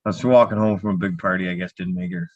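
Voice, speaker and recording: Low-voiced laid-back man, dull dry audio. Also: quick pace, a little mellow, no room sound. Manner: laid-back, laughing storyteller. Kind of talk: casual livestream chat.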